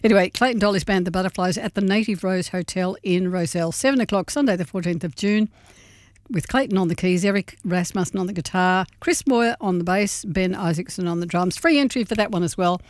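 A woman co-hosting a radio show, chatting casually and reading a gig guide in a warm, slightly rambling way. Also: fairly low pitch, fairly quick, no echo, clean studio sound. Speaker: radio co-host. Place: radio studio.

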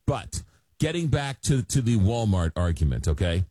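A man hosting a late-night call-in radio show, reading listener messages aloud and talking with callers, halting often with fillers. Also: fairly low pitch, big pitch swings, mellow, no echo. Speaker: radio talk show host.

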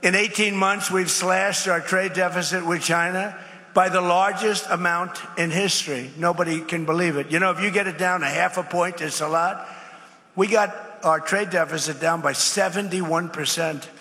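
A man's voice: high-pitched, steady tone, moderate pace, sharp tone. A man giving an off-the-cuff speech at a public event, repeating his points with emphasis and wandering into asides. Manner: repetitive, emphatic, rambling asides. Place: large event space. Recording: reverberant hall with faint ambience.

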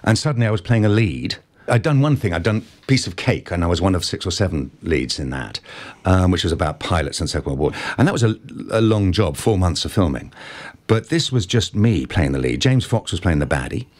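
Brief: male actor, lower-pitched, very expressive intonation, conversational interview guest. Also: brisk. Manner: animated, expressive storyteller.

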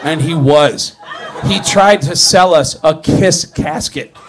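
A man telling a comic story on stage, animated and swearing, laughing through his lines. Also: a little high, takes it slowly, heavy background noise. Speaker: stand-up comedian. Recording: live show with audience crowd.

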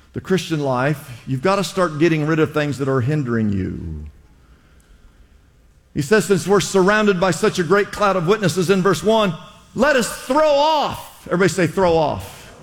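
A man's voice: sits high, long reverb tail. A male pastor preaching a sermon in a church, with impassioned exhortations and lots of repetition.

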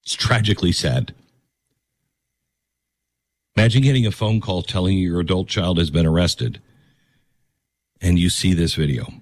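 A man's voice: low-pitched, moderate pace, long pauses, no echo. A male host giving earnest, emphatic commentary on a video.

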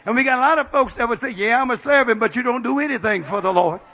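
A man preaching a sermon as a bishop, with fiery call-and-response delivery that breaks into shouts at its peaks. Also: very high-pitched, expressive, very fast. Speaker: bishop and pastor.

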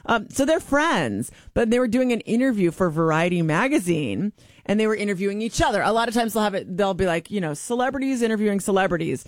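A chatty woman hosting a radio talk show, telling stories with animated energy. Her voice sits at an ordinary pitch. The studio sound is dry and close. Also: fast, no echo. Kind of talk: casual chat.

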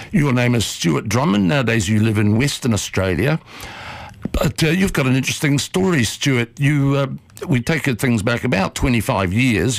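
A man hosting a radio show, telling a story in a lively, animated way from a studio. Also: medium pitch, creaky, no room sound, low-quality recording. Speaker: radio host.

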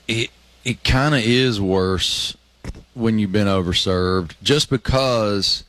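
A man's voice: fairly low pitch, slow, fairly bright tone. A man co-hosting a radio show, telling wry anecdotes in casual chat.

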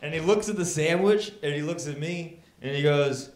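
A man doing a stand-up comedy set on a club stage, telling an animated story, acting out people and sometimes shouting. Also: a little high, normal speed. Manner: animated storytelling, acts out characters, builds to shouting. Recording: roomy live club sound with crowd laughter.

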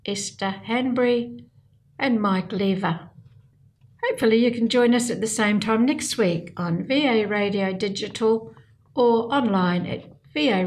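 A woman with a fairly high voice hosts a radio reading program. She reads magazine items aloud in a clear, measured way, with a light touch of humor. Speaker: radio program host and reader.

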